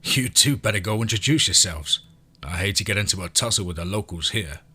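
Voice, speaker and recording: Randy is a rough, wolfish companion, as voiced by a male narrator, and he is blunt and gruff. His low voice comes through in a forceful way. Faint music plays beneath. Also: expressive, a little fast, slight background noise, full character voice. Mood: teasing.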